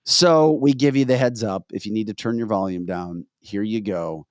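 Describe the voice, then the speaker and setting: A man's voice: on the low side, normal speed, no echo, studio quality. A man hosting a casual political talk show, talking animatedly and reading out viewer comments. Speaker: host.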